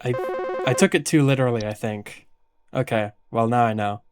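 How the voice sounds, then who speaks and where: A man's voice: mid-range voice, moderate pace. Man thinking aloud over game music. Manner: thinking aloud, self-deprecating. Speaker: gamer playing a game. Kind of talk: casual gameplay commentary.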